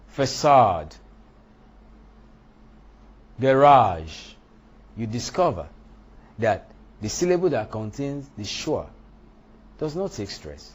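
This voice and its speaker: A man teaching a lesson on English word stress, speaking deliberately and punching out example words. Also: on the low side, darkish tone, breathy edge. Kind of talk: lecture on English pronunciation.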